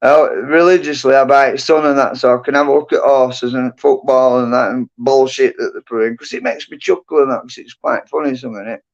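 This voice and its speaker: A man's voice: mid-range voice, fairly even intonation, a little fast, creaky, few pauses. Middle-aged man, livestream host, rambling sweary chat, muffled lo-fi sound. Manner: rambling, sweary, lots of "and that" and "you know". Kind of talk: casual chat. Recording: dull lo-fi livestream audio.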